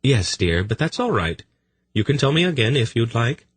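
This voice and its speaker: A man doing a patient gentle woman, soft raised voice, husky, audiobook. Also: very animated, moderate pace, no room sound. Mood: indulgent. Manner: soft, indulgent, raised pitch.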